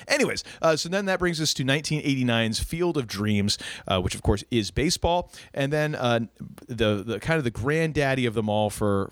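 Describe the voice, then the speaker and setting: A man's voice: medium pitch, a bit bright, dry recording, studio quality. A man co-hosting a casual podcast, joking and rambling through asides with lots of energy. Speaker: podcast co-host.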